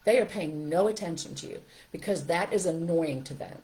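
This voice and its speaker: Emphatic woman coaching parents, low voice. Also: normal speed, rough recording. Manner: emphatic, animated, talks straight to parents. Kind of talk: live stream teaching talk.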